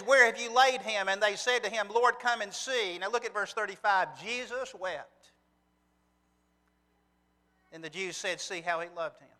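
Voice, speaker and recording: A man with a high voice preaches an earnest sermon. He poses rhetorical questions and reads scripture aloud in a very bright, forceful tone. The sound carries a long hall reverb, as in a church sanctuary.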